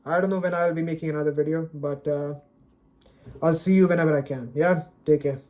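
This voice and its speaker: Fairly high-pitched and somewhat dark, his steady voice moves briskly. The male video creator gives an unscripted solo rant to camera, exasperated, dejected and frustrated, with sighs and stammered repeated words.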